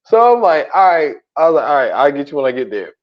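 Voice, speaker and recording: A man co-hosting a podcast in casual chat, telling stories in loose, slangy, animated speech. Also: fairly high pitch, quick pace. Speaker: podcast co-host. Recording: dull lo-fi audio.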